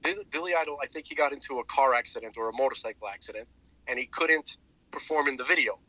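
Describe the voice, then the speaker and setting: A man with a very bright, keen-edged voice talks in a casual podcast chat. He rambles in an animated way and restarts his sentences often. The sound is close and dry, with no room around it. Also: mid-range voice, fast talker, husky, no room sound, poor audio. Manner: rambling, animated retelling with many restarts and fillers. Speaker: podcast co-host.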